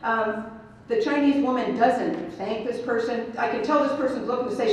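A woman's voice: on the high side, a little fast, distant mic. A woman giving a keynote talk at a conference, telling a story with humor and acting out the people in it. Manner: animated, acts out the people in her story with humor. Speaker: keynote speaker. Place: large conference hall. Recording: echoey hall picked up from afar.

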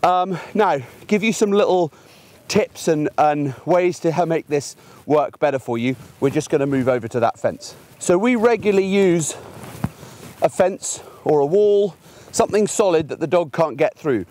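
A man's voice: on the high side, expressive, moderate pace, a little mellow. A middle-aged man, a gundog trainer, explaining puppy training outdoors in a chatty way, using everyday examples. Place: outdoors in a field by a fence.

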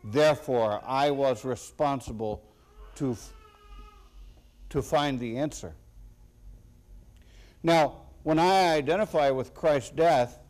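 A man preaching a sermon as a pastor, slow and deliberate with sudden loud emphatic bursts. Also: mid-range voice.

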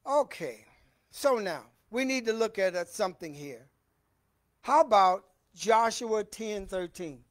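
A man's voice: high voice, lively intonation, a little slow. A man teaching a Bible lesson in a church, reading scripture with emphasis and then talking loosely to the congregation. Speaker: preacher. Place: church hall.

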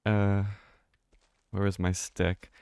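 Man, deep voice, dry close sound, casual gameplay chatter, rambling, swears a lot. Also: little pitch movement, slow pace, darkish tone, clean tone, no echo. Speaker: streamer. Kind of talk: casual live gameplay commentary.

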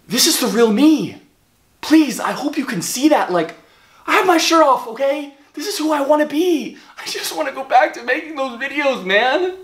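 A man vlogging an emotional confession, halting and wavering, often dropping to a whisper. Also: extremely high pitch, fairly bright tone, roomy sound.

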